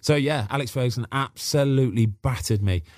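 A man tells a casual story as a podcast guest, chatty and animated, and slips into voices for the people he quotes. His voice sits at a middle pitch. The sound is dry and close. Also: fairly quick, no echo. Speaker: podcast guest, former goalkeeper.

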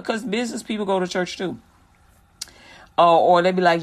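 A man's voice: high-pitched, normal speed, long pauses. A man hosting a Christian radio show, talking in a loose, slangy, rambling way and preaching casually to listeners.

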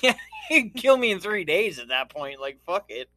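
A man's voice: high voice, sing-song, normal speed, sharp tone, no echo. A man co-hosting a podcast, trading crude jokes casually and laughing often. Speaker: podcast co-host.

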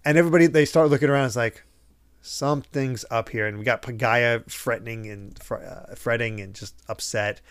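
A man's voice: mid-range voice, a little fast, few pauses, clean tone, no echo, clean studio sound. A man hosting a podcast, casually recapping a manga and acting out the characters' lines as he goes. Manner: animated, acts out characters' lines while retelling. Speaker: podcast host.

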